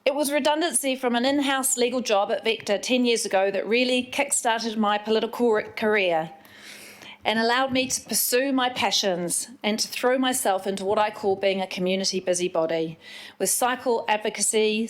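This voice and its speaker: A woman, giving an earnest, at times emotional speech as a newly elected city councillor. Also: mid-range voice. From England. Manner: emotional, tearful at moments, earnest.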